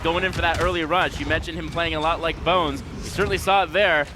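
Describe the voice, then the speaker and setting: A man leading an esports broadcast as play-by-play caster, energetic and jokey. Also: on the high side, a little fast, over music. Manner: energetic, jokey, leads the segments. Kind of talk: esports commentary.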